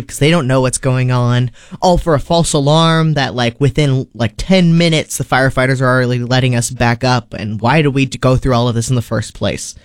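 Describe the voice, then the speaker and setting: A man's voice: mid-range voice, smooth, dry recording. A man hosting a radio show in a studio, chatting casually with a sarcastic manner. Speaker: radio host.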